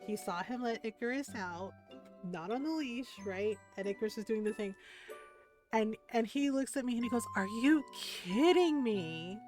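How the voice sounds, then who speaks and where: A woman's voice: fairly high pitch, normal speed. Chatty woman streamer, faint music behind. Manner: rambling anecdote, tags sentences with "right?"; animated, acts out other people's lines. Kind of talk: casual storytelling while gaming.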